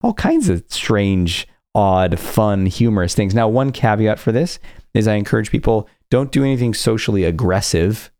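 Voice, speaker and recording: A low-voiced man hosts a self-help podcast, his pitch swinging widely as he tells stories and acts out what people said. The sound is dry and close, with no room around it. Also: normal speed, no room sound. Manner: animated storytelling with acted quotes. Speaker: podcast host.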